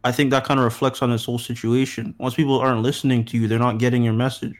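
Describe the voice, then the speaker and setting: A man's voice: mid-range voice, little pitch movement, rapid-fire. A man in a casual podcast discussion, laying out his points in order and stammering as he restarts.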